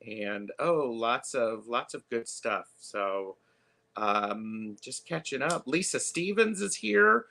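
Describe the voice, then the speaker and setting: A man hosting a live tarot stream, chatting casually with lots of fillers and pauses. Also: mid-range voice, animated, gravelly, pushed and bright. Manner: chatty, halting, many fillers.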